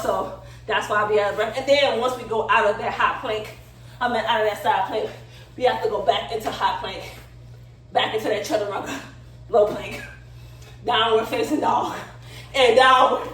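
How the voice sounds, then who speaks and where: Breathless woman vlogger, slightly high, chatty and laughing, recorded from a distance in a very echoey room. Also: a bit bright. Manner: laughing often, chatty, informal. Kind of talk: casual vlog demonstration. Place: room indoors, demonstrating yoga poses. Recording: very echoey room, somewhat far from the mic.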